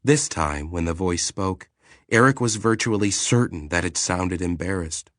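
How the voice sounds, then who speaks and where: A man reading a science fiction audiobook in a steady, even storytelling manner. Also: low-pitched, a little slow, no echo, clean studio sound. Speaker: audiobook narrator. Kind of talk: scripted narration.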